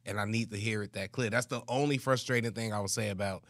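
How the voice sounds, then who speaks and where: A man's voice: fairly low pitch, steady tone, quick pace, fairly bright tone, dry recording, clean studio sound. A man with an American accent, co-hosting a casual podcast, talking earnestly and candidly and admitting he is picky about clarity. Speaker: podcast co-host reacting to music. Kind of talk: casual reaction chat.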